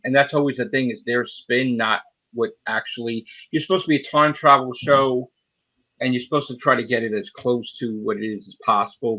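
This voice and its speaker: A man's voice: medium pitch, sharp tone. American man, podcast guest, earnest, argues at length, dull lo-fi audio. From United States. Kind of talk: casual podcast discussion.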